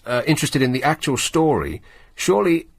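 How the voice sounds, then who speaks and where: A man hosting late-night radio talk, his pitch rising and falling freely as he reads out a tabloid story and mocks it in wry asides. The sound is dry and close on a studio microphone. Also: very animated, brisk, vocal fry, no echo. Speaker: radio host.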